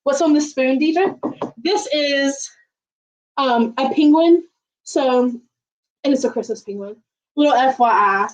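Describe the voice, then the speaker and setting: Chatty high-voiced woman, slightly distant mic. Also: takes it slowly, pauses often. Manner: chatty, folksy, many ums, talks to viewers. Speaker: cooking livestream host. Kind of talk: casual livestream chat while cooking. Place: home kitchen.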